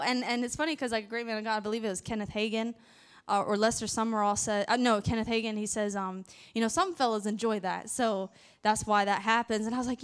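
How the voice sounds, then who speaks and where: A woman's voice: a little high, fairly quick, clean tone. Chatty Southern woman sharing testimony. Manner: chatty, animated, many fillers and restarts. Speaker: ministry worker sharing testimony. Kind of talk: casual faith testimony.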